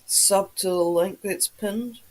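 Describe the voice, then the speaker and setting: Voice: medium pitch, slow. A livestream host in a just-woken-up morning voice, chatting casually with viewers and greeting them by name.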